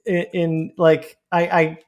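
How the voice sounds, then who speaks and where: Man host, chatty, laughs easily, slightly higher pitch. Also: monotone, takes it slowly, lo-fi sound. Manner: chatty, laughs easily, reads posts aloud. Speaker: podcast host. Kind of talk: casual panel discussion.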